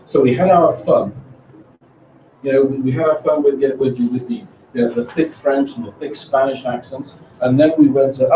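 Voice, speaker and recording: At a conference seminar for English teachers, a man tells classroom stories in a chatty way, restarting often. His mid-range voice is animated and mellow, at a normal speed. The recording is roomy and distant, dull and lo-fi with faint noise.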